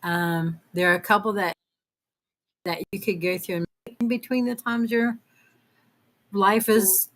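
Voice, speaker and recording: A woman co-hosting a casual chat, making unhurried, dry remarks. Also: medium pitch, steady tone, a bit bright. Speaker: co-host.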